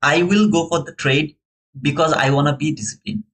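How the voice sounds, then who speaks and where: A man's voice: fairly high pitch, fairly even intonation, moderate pace, a bit bright, poor audio. A young man with a non-native English accent, talking viewers through his live trades in a casual, earnest way and calling them brother. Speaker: live-stream futures trader and host. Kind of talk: casual live trading commentary.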